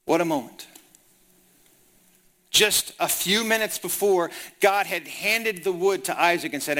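A man's voice: sits high, moderate pace, sharp tone. A man preaching a sermon, reading scripture and retelling it in casual, conversational paraphrase. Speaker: pastor.

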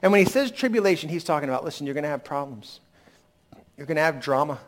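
A man preaching a sermon, his voice sitting a bit high. He talks candidly and conversationally and then lifts sharply into emphatic peaks. He is getting over a lingering cold. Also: expressive, fast. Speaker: pastor.

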